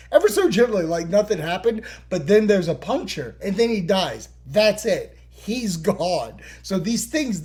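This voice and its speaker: A man hosting a podcast, recapping a TV episode in casual, profane talk and acting out scenes. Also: high-pitched. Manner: animated, profane, acts out scenes. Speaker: podcast host.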